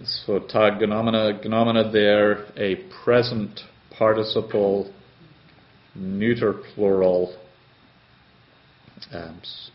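Slow, methodical male language tutor. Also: fairly low pitch. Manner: slow and methodical, with many hesitations. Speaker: Greek tutor. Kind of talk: teaching a grammar lesson. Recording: slightly dull, lo-fi sound.

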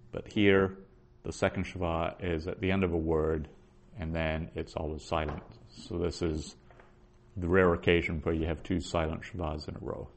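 A man teaching a Biblical Hebrew class, reading verses aloud slowly and then patiently explaining the grammar. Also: sits low, darkish tone. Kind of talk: slow explanatory lesson.

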